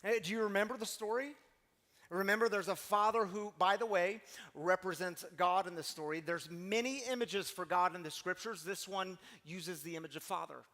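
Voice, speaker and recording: High-voiced preacher in a reverberant hall. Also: male voice, moderate pace, sharp tone. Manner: emphatic, rhetorical questions, conversational. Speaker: pastor. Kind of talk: sermon.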